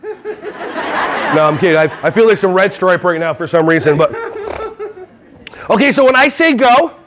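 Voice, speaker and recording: A man from New Jersey giving a playful, animated keynote on early childhood classroom management to a conference crowd. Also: high voice, measured pace, background noise. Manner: playful and animated, breaking into silly voices and songs. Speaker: early childhood education trainer. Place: large conference hall.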